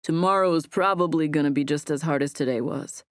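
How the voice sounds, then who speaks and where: A woman reading a gentle young boyfriend, low and dry, reassuring. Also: a little fast, no room sound, close to an everyday voice. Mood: tender. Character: tender young man, warm and teasing.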